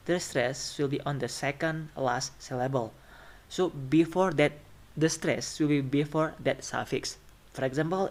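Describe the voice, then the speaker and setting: A man's voice: on the high side, measured pace. A man lecturing on phonetics, listing example words and often checking in with the class. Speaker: phonetics teacher.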